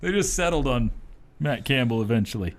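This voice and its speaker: A man's voice: medium pitch, lively intonation, fairly quick, a little hiss or hum. Easygoing man hosting sports radio. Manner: easygoing, chuckles often while talking. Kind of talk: casual sports talk. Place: radio studio.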